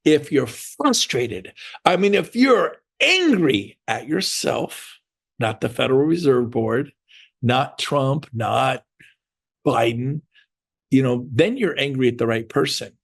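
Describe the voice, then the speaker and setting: A man, giving an energetic motivational sales talk to an audience, acting out other people's voices in quick asides. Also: mid-range voice, creaky, breathy edge. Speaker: real estate sales trainer.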